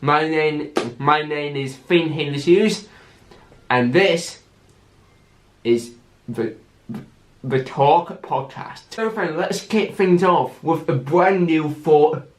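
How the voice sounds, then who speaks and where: A man's voice: a little high, drawn-out words, pauses often, reverberant. A man hosting a casual solo podcast who stammers and restarts his words often. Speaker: podcast host.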